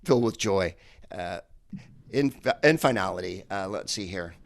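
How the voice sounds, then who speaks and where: A man with a lowish voice works through a stand-up comedy set, meandering and full of filler sounds. The sound is dry and close, with no room around it. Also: lively intonation, moderate pace, vocal fry, dry recording. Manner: rambling, hesitant delivery with many fillers.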